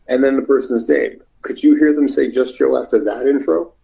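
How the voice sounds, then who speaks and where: Gravelly, animated man telling wrestling stories. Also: a little fast, hardly any pauses, rough recording. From Canada. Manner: animated, acts out quotes in loud high voices. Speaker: interview guest, former wrestler. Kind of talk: casual storytelling.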